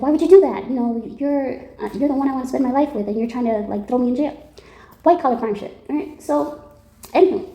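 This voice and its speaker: Young adult woman, slangy and lively, telling a story; mellow, fairly high voice in a roomy space. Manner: animated, laughs often, slangy, quotes people in dialogue. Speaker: tarot reader telling a story. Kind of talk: casual storytelling.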